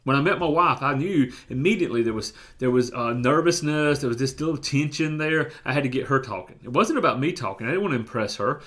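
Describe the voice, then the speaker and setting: A man's voice: mid-range voice, animated, fast talker, few pauses, fairly bright tone. Emphatic Southern US male life coach. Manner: emphatic, repeats phrases, restarts often. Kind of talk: motivational coaching talk.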